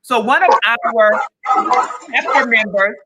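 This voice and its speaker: A woman's voice: on the high side, slow, noisy background. A woman co-hosting a live podcast broadcast over a video call, chatting casually and telling upbeat stories. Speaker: podcast co-host.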